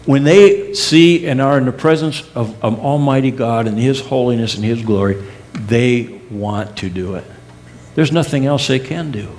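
A middle-aged male pastor preaching a sermon in earnest, with emphatic rising peaks, soft drops and casual folksy asides. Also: medium pitch, moderate pace. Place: church sanctuary.

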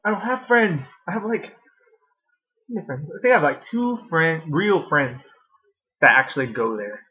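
A man's voice: a little high, very animated, moderate pace, husky, lo-fi sound. A young man in a casual vlog at home, rambling and sarcastic about college, laughing often, recorded on a webcam. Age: young adult. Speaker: vlogger.

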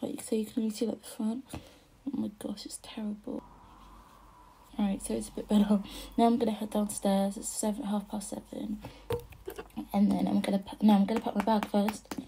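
A young woman vlogging casually as she does her makeup, talking softly and often half-whispering in a chatty way. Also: medium pitch, flat delivery, moderate pace, gravelly, a little hiss or hum. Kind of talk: casual chat while doing makeup.

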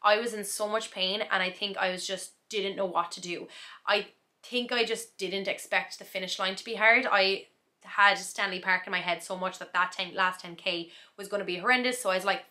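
A woman's voice: mid-range voice, fairly even intonation, brisk, bright, forceful tone. A young woman chatting in a casual vlog, recapping her day in a reflective, talkative way with frequent laughs. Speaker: vlogger.

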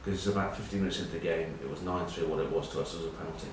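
A man's voice: extremely low pitch, fairly even intonation, rapid-fire. A man in his forties, a former rugby captain, telling rambling anecdotes with dry, self-mocking humour and plenty of ums and uhs. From England. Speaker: former rugby captain presenting a web news piece. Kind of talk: casual anecdotal monologue. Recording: very echoey room, mic far off, faint background noise.

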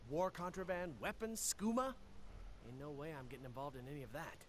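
An actor playing a grumpy, suspicious male farmer who talks in a gruff, exasperated rural drawl. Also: fairly high pitch, very animated, a little fast, slight background noise.

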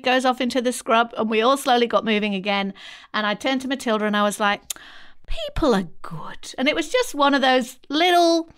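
An Australian woman co-hosting a podcast, telling stories in an animated casual chat and laughing often. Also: high voice, clean tone. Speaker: podcast co-host.

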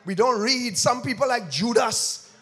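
A male preacher, delivering a sermon in a church, swinging between shouted emphasis and low, intense repetition. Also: measured pace, slightly rough, faint music behind.

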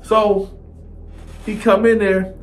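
A man with a high-pitched voice tells a story in a casual, animated way. He acts out each character as he goes and keeps dropping a filler word at the ends of his lines. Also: takes it slowly. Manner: animated, acts out all parts, repetitive filler 'man'. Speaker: storyteller, channel host.

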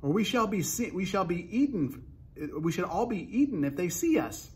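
A man doing a fretful hushed earthworm. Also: mid-range voice, big pitch swings, unhurried, husky, exaggerated voice. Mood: fearful. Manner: anxious, scolding in a hushed voice. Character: fretful timid male earthworm. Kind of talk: storybook reading.

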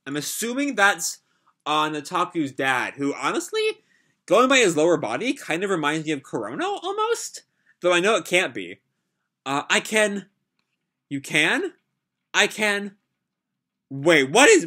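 A man reading a comic aloud and reacting live in a casual way, full of filler "like"s. His voice sits a little high and swings widely in pitch, with a bright, forceful edge. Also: wildly swooping pitch, measured pace, pauses often.

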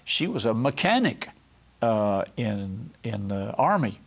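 A man's voice: fairly low pitch, sing-song, takes it slowly, vocal fry, husky. Male pastor, TV sermon, folksy storyteller who acts out the voices he quotes. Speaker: pastor and TV host. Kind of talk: televised sermon.

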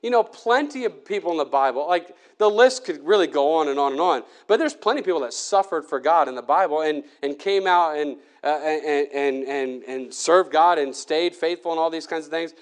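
A man's voice: a little high, expressive, brisk, hardly any pauses, clear, resonant tone. A man preaching a church sermon in an earnest, conversational way, often restarting his sentences. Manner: earnest, with frequent restarts and fillers.

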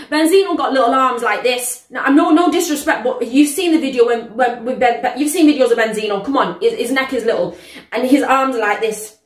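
A woman reacting to a song, exclaiming often and pausing to repeat and explain the lyrics. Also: high-pitched. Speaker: music reaction vlogger. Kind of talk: reacting to a song, casual commentary. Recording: echoey room.

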